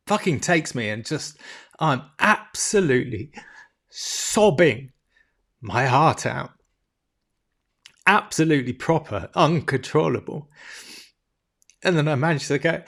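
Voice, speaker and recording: A man's voice: on the high side, normal speed, fairly bright tone. Man, candid vlog storytelling, emotional and open, laughs a lot, swears freely. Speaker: personal development vlogger.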